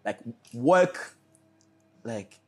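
A man's voice: medium pitch, animated, extremely slow, a little mellow. A man in his twenties, a business owner and podcast guest, telling stories in an earnest, rambling way. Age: 20s. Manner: earnest, rambling storyteller with many restarts. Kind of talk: casual interview chat.

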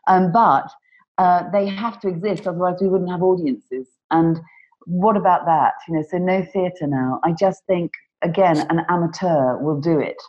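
A woman with a notably low voice tells her story in an earnest, reflective way. The sound is a little dull and lo-fi, as if recorded at home. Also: normal speed. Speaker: panel guest, performer. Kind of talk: casual conversation. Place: home during lockdown.

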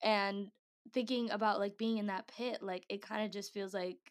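Young woman, slangy faith talk to a group, laughs a lot, mid-pitched voice. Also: steady tone, moderate pace, clean tone. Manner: chatty, slangy, laughs often, acts out quotes. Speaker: speaker at a Christian gathering. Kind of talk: casual devotional talk.

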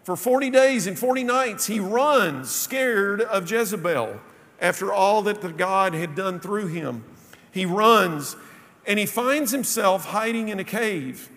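A man preaching a sermon, telling a story and dropping his voice low for quoted lines. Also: animated, unhurried, fairly bright tone. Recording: long reverb of a large hall.

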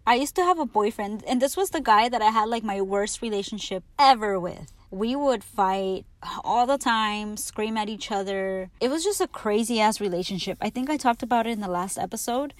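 A young woman hosts her own podcast, telling stories straight into the mic in a loose, candid way. She swears freely and laughs a lot as she talks. Her voice sits a little high and sounds dry and close. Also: expressive, moderate pace, no echo. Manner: candid, profane, laughs often. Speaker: podcast host. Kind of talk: casual storytelling monologue.

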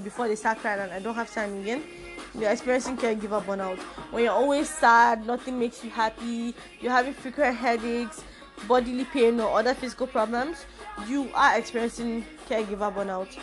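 Chatty young woman podcaster, higher voice. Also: fairly even intonation, a little fast, music in the background. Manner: chatty and informal, with playful asides. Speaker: podcast host. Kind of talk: casual solo podcast talk.

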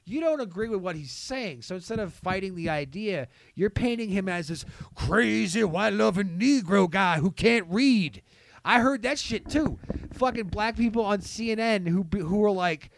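A man in a casual podcast chat, rambling and heated with heavy swearing, saying he is high. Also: animated, moderate pace, vocal fry, no room sound.

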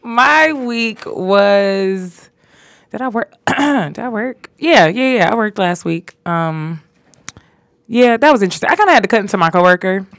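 A young woman co-hosting a casual podcast, telling work stories in an animated way, full of fillers. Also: mid-range voice, measured pace, no room sound. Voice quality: animated storyteller, lots of fillers. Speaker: podcast co-host.

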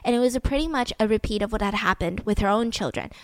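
A young woman hosting a podcast, retelling a true-crime story in a chatty, animated way. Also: medium pitch, fast, dry recording. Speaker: podcast host.

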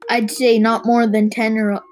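A woman voicing a nasty old man who loudly mocks and frightens his wife in a children's story. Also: on the high side, level tone, normal speed, natural voice, rough recording. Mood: sly. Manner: loud, gloating and mocking.

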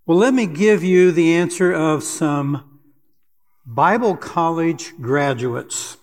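Older male preacher, fairly high voice, earnest and measured, long hall reverb. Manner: earnest, deliberate, with fillers and pauses. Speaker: church elder preaching. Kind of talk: sermon.

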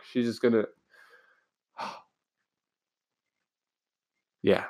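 A teen student with a mid-range voice and vocal fry talks alone, a little slowly and with frequent pauses, recounting something from school. It's casual, profane and rambling, packed with restarts, and the recording has no room sound.

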